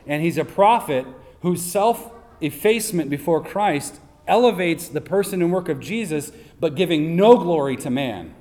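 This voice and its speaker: A man's voice: fairly high pitch, expressive, normal speed, mellow. Man preaching a sermon in a reverberant hall. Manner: emphatic, rhetorical questions, occasional laughs. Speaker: pastor.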